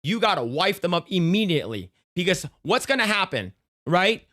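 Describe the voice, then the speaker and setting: A man's voice: high voice, sing-song, moderate pace, pushed and bright. A man streaming a reaction to a clip. He rants in a casual, profane way, often stammering and restarting his sentences.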